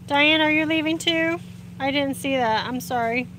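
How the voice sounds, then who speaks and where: Chatty woman with a higher voice. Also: normal speed, a little hiss or hum. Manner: chatty, warm greetings, frequent laughs. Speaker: livestream host reading viewer comments. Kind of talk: casual live chat. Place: outdoors in sunlight. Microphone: phone.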